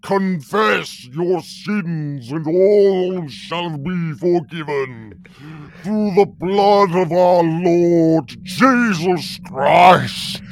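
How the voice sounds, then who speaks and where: A man voicing a towering scaly sea-creature bishop who preaches slowly and solemnly. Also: high voice, lively intonation, no echo, exaggerated voice. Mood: solemn preaching. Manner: slow, solemn, preaching in Latin.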